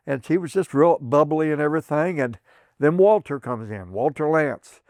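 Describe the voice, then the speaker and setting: Animated and moderately paced, an older veteran from southern Indiana, USA, tells rambling stories with restarts and chuckles during an oral history interview. His tone is darkish, he impersonates quoted speakers with a raised pitch, and the studio-quality audio has no echo.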